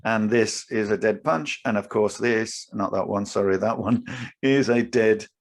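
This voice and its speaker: A man's voice: lowish voice, a little slow. A man co-hosting a casual podcast, explaining at length with restarts and easy laughs. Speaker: podcast co-host. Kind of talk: casual chat.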